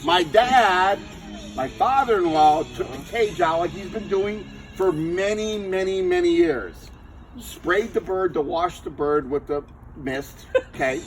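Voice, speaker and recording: A man casually telling a rambling story to friends, animated and swearing freely. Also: high-pitched, measured pace, faint music behind, poor audio.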